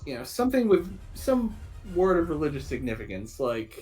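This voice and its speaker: Guy gm'ing a tabletop game, halting casual narration, faint music under it. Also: fairly high pitch, sing-song, darkish tone. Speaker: game master. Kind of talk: running a tabletop game over voice chat.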